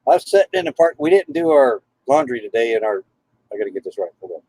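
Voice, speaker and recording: A man with a gravelly, husky voice chats on a live stream from a vehicle in a parking lot. His pitch swings a lot as he greets viewers one by one and talks to his dogs, while dogs bark now and then behind him. The sound is dry and close. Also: very animated, quick pace, a little mellow, no echo, rough recording. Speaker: RV travel vlogger. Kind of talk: casual live-stream chat.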